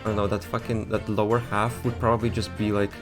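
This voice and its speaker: A man's voice: on the low side, flat delivery, fast talker. A man casually commenting while streaming a game, offhand and chuckling. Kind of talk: casual let's-play commentary. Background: game music.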